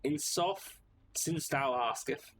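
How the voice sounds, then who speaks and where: A man's voice: fairly high pitch, takes it slowly, a bit bright, a little hiss or hum. A man playing a pompous armored knight. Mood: grandiose. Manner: grandiose, speaks in mock old-fashioned words. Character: pompous armored male knight, archaic speech.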